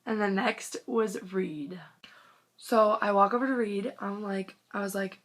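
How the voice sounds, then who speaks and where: This young vlogger has a steady, mid-range voice and a measured pace. Talking into her phone, she tells an excited, casual story in a gushing, rambling way, leaning heavily on "like" and now and then whispering.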